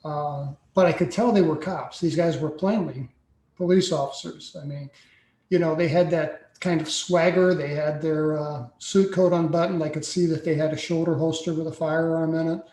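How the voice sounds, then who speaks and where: A man in his sixties, a podcast guest telling a personal story slowly and deliberately, with frequent pauses. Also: a little high, fairly even intonation, warm tone. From United States. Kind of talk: personal account in a podcast interview. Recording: echoey room sound.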